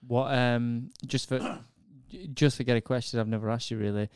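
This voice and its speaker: Casting: young Northern host, smooth clear voice, easygoing chat, dry mic. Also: male voice, medium pitch, steady tone, moderate pace, no echo. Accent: Northern English. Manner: friendly, casual, calls the guest bro. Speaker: podcast host. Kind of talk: casual chat.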